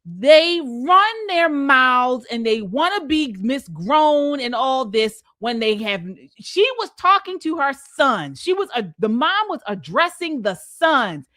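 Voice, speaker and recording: A woman hosting a live panel talk, giving her opinions in a lively, outspoken way. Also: sits high, slow pace, hardly any pauses, no echo, clean studio sound. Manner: animated, opinionated. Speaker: show host.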